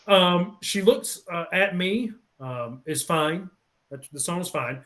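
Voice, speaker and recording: A man talks his way through an album song by song, stopping often with ums and uhs. He sounds relaxed and chatty, like a regular co-host of a casual podcast. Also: sits high, slow. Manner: rambling, many ums, lists songs one by one. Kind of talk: casual album review chat.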